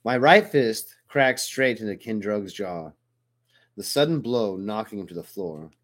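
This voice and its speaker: A man narrating a first-person audiobook in a steady, even storytelling manner. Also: lowish voice, unhurried.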